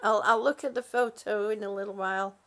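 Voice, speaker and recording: A woman's voice: medium pitch, steady tone, a little fast, a bit bright. A worn-out, sleepy woman hosting a casual live stream, reading out viewer comments in a rambling, giggly way. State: exhausted, sleepy.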